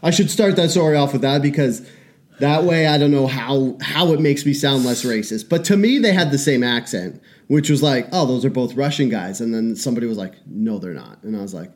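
A man's voice: mid-range voice, a little fast, darkish tone. A man in his forties, a podcast co-host in casual chat who tells stories with profanity and self-deprecating jokes.

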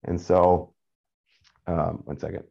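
A man's voice: sits low, flat delivery, slow, creaky, a little mellow, breathy edge. A middle-aged man telling a candid personal story in a rambling, casual way, full of fillers and swearing. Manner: rambling, frequent fillers and profanity. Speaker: caller sharing a personal story. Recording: dull lo-fi sound.

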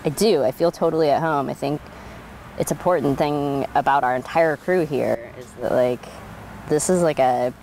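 Woman, 30s, from Oregon, interviewee, low voice, animated storyteller. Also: moderate pace, a little hiss or hum. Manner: animated, laughs often, many fillers. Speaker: interviewee, winemaker. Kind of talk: oral history interview, casual storytelling.

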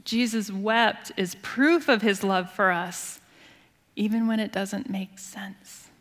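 A woman pastor preaching a sermon in an earnest, expressive storytelling manner, dropping to a hushed voice at tender moments. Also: medium pitch, takes it slowly. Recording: long hall reverb.

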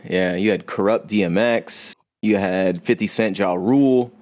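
A man's voice: lowish voice, moderate pace, a little mellow. A man co-hosting a podcast in a laid-back, agreeable way, with easy slang. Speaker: podcast co-host. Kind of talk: casual podcast chat.

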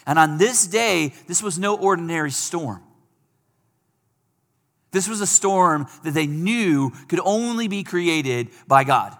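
A man's voice: a little high, expressive, slow pace, a bit bright, in a large hall. A man preaching a sermon in a conversational way, lifting his voice when he acts out pleading quotes.

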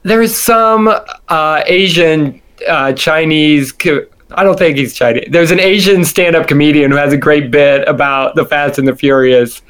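A podcast co-host with a middle-pitched voice chatting casually about a movie. They muse aloud, hedge and lean on fillers as they talk. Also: moderate pace, hardly any pauses, fairly bright tone, clean tone. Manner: musing, hedging with many fillers.

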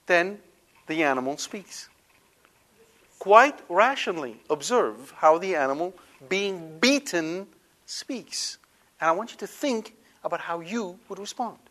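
A man teaching a Catholic Bible lesson in an animated way, full of rhetorical questions. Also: sits high, measured pace. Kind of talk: Bible study lecture.

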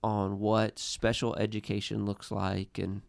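Deep gravelly earnest man. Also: monotone, no room sound, studio quality. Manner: earnest, halting with restarts. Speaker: guest. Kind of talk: personal storytelling in a podcast chat.

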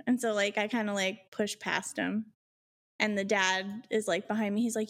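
A woman telling a personal story in casual chat, acting out quotes in higher voices and swearing freely. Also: flat delivery, moderate pace, a bit bright.

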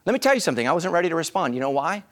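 Male pastor, lively swinging delivery, dry close sound, sermon with loud outbursts. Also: fairly high pitch, racing, no echo. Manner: animated, bursts into loud acted shouts. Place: church.

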